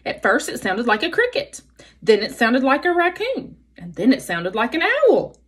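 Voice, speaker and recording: A woman's voice: very animated, normal speed, slightly rough, full character voice. A woman voicing a fussy, fearful male owl who hoots and screeches in a storybook reading. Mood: alarmed. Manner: hooting, screeching, shrill.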